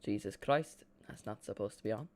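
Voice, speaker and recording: A man's voice: lowish voice, a little fast. Chatty man calling a match live. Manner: chatty and excitable, jokes about himself. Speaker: live watchalong streamer. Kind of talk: casual play-by-play commentary.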